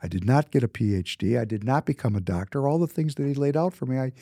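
Emphatic husky man in his fifties. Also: mid-range voice, animated, quick pace, dark tone, dry recording, studio quality. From Minnesota, United States. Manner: emphatic, repeats words for emphasis. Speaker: businessman. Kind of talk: casual storytelling monologue.

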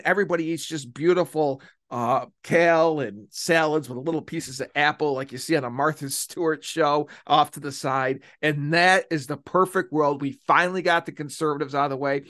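A man's voice: on the high side, fairly bright tone, no room sound, studio quality. A man hosting a solo political podcast, talking in a mocking, emphatic way and drawing out key phrases. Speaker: podcast host.

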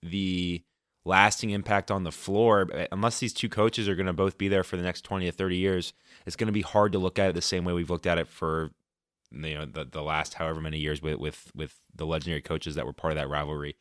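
Very deep-voiced man, dry sound. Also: little pitch movement, a little fast, fairly bright tone, dry recording. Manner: rambling, repeats words while thinking. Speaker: sports podcast co-host. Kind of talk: casual sports talk.

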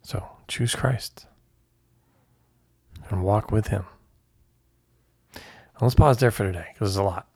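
A man calmly wrapping up a Bible study group in a low-key way. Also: moderate pace, long pauses, breathy edge, no echo, studio quality.

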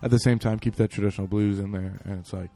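A man's voice: lowish voice, fairly even intonation, fast talker, vocal fry, warm tone, faint music behind. A man chatting casually as a guest musician, rambling with many fillers. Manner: rambling, lots of fillers, acts out quotes. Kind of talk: casual conversation.

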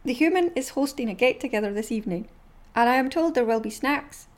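A Scottish woman voicing an earnest, affectionate pet dog in a slow, deadpan read with long pauses. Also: a little high, close to an everyday voice. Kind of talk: reading funny dog posts aloud.

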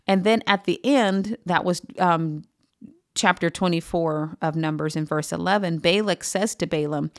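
Earnest woman pastor teaching scripture. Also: on the low side. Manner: earnest, emphatic, with frequent "um" pauses. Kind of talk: podcast Bible teaching.

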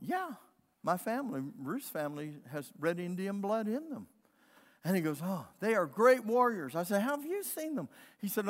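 A pastor with a notably high voice preaches in a storytelling manner, calling out for amens from his congregation. His voice rings with a long reverb through a large church sanctuary. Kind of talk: sermon.

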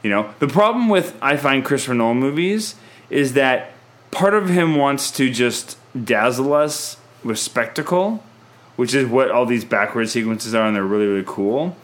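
A man in a relaxed film talk, chatty and self-correcting as he works through his thoughts. His voice sits at an ordinary middle pitch, and his delivery is casual and conversational. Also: moderate pace. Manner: chatty, thinks aloud with restarts. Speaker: podcast host, film reviewer. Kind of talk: casual film review chat.

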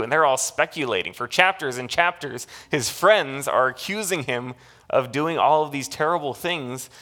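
A male pastor preaching a sermon, telling a story with lively energy, frequent restarts and short laughs. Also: medium pitch, moderate pace.

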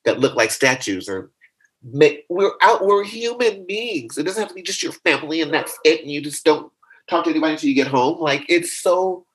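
A man being interviewed in a casual conversation, talking in a playful, animated way that jumps into high comic voices. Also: a little fast, slightly rough, low-quality recording. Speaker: interview guest.

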